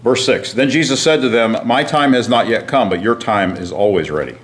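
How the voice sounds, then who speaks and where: A man teaching a Bible class, reading scripture aloud and asking his listeners questions, often clearing his throat. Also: medium pitch, fairly quick. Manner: frequent throat clearing and restarts.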